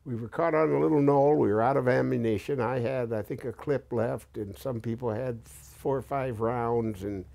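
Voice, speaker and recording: Crowd noise surrounds this documentary interview, where a man in his eighties who served in the war plainly and bluntly shares his memories, sometimes with profanity. His creaky mid-range voice moves at a moderate pace with few pauses.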